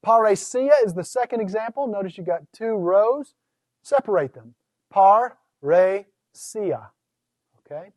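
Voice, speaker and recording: A man teaching Greek pronunciation in a recorded lecture, methodically laying out rules and slowly sounding words out syllable by syllable. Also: high-pitched, animated, darkish tone, no room sound, clean studio sound. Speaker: Greek instructor.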